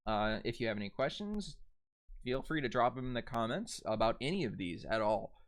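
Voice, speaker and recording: A young man giving a casual video lesson on phonetics and dialects, relaxed and chatty, with fillers and restarts. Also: medium pitch, fairly quick. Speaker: dialect coach.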